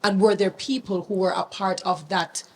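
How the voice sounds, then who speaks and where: A woman with a Jamaican accent hosting a podcast interview, asking gentle, probing questions. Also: mid-range voice, fairly even intonation, normal speed, slight background noise. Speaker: podcast host. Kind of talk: conversational interview.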